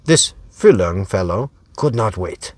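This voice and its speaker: A man's voice: sits low, big pitch swings, measured pace, no echo. A man as an author reading his own serial novel aloud, narrating in a wry storytelling way. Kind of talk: audiobook narration.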